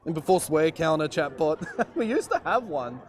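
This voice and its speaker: A man's voice: fairly high pitch, very animated, moderate pace, a little hiss or hum. A man live streaming from an outdoor airshow, chatting casually and jokily with lots of fillers. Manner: rambling, joking, lots of fillers.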